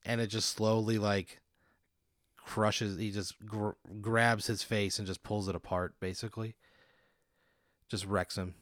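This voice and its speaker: A man with a lowish voice narrating an improvised story in a relaxed, chuckling way. He is recorded close and dry, with no room sound. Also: measured pace, long pauses, no room sound. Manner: laid-back, chuckling, vivid scene-setting. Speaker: podcast host narrating a hypothetical.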